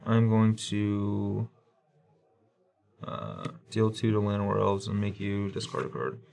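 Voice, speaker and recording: A man's voice: lowish voice, fairly even intonation, slow pace, vocal fry, a little mellow. A man playing a card game, giving dry, terse answers to his opponent. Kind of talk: casual table talk during a match.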